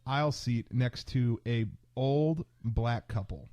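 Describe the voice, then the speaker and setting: A man's voice: medium pitch, slow, darkish tone, no room sound, muffled recording. A man co-hosting a podcast, telling his side of a story in a rambling, profane, casual way. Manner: rambling, profane, laughs easily. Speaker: podcast co-host.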